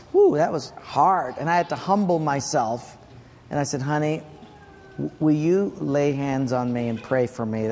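A man's voice: mid-range voice, a little mellow, in a large hall, a little hiss or hum. A male pastor giving a sermon, telling a personal story with quoted dialogue and then leading a prayer. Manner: storytelling, earnest, quotes dialogue, prays aloud. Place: church sanctuary.

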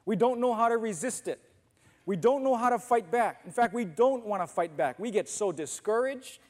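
A man's voice: high-pitched, lively intonation, moderate pace, a little mellow. A man preaching a sermon as pastor, speaking conversationally and asking the congregation questions, in a church auditorium. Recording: long reverb of a church hall.

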